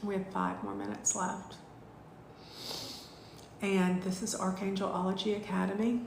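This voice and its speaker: Lady leading a spiritual class online, gushy and heartfelt, bit of vocal fry, echoey room. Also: mid-range voice, flat delivery, a little hiss or hum. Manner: warm and gushing, with drawn-out thank-yous. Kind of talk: live online class, casual and emotional.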